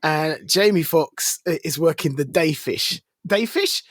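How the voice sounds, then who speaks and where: A man's voice: a little high, unhurried, dry recording, studio quality. A man co-hosting a casual podcast, recapping a film in a rambling way, laughing and losing his thread. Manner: rambling, giggly recapper who loses his train of thought. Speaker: podcast co-host. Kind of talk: casual chat.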